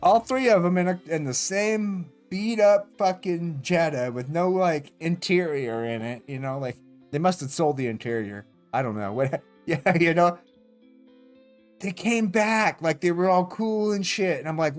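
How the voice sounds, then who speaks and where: A man's voice: fairly high pitch, moderate pace, faint music behind. Profane rambling male streamer. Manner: profane, rambling, animated retelling with laughs. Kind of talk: casual storytelling while streaming.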